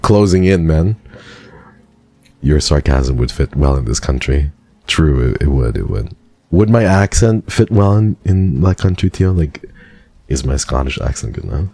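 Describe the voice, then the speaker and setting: A man's voice: sits low, darkish tone. An American man streaming live, chatting casually with viewers in a dry, sarcastic way. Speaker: livestreamer.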